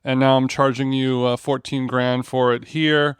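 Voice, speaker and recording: A man's voice: medium pitch, level tone, moderate pace, clear, resonant tone, dry recording, clean studio sound, close to an everyday voice. A man putting on a male chef who tells a wistful, rambling tale about foraging. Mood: dreamy.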